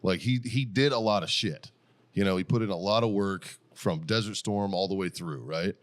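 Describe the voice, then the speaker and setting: At a moderate pace, a middle-aged American podcast host speaks in a deep voice. His casual talk is full of profane storytelling, broken up by frequent laughter.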